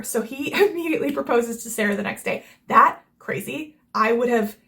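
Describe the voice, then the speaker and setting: Gushing young woman with a bright voice. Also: fairly high pitch, lively intonation, moderate pace. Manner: gushing, rambling with many "like" fillers, acts out characters' lines. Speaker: book reviewer and channel host. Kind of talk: casual chat.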